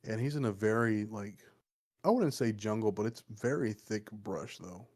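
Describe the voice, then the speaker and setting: With a lowish, slightly mellow voice and a moderate pace, a podcast co-host rambles through a folk story. He's loose and casual, swears a lot, and fills his speech with fillers.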